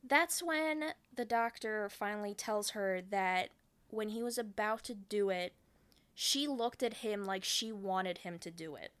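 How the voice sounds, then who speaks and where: A woman in casual podcast chat, walking a friend through a film's plot scene by scene. Her voice sits at a middle pitch, and she keeps acting out what each character says, with a steady stream of "like" fillers. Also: measured pace, clear, resonant tone. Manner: animated retelling with many "like" fillers, acting out lines. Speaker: podcast co-host recapping a film.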